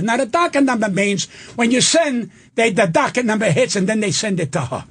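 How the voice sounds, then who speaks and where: An older man, a comedian guest in a radio studio, ranting loudly and profanely and acting out the people in his stories. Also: sits high, animated, slightly rough. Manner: loud, profane, rapid-fire storytelling with acted-out quotes. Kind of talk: angry radio rant and storytelling.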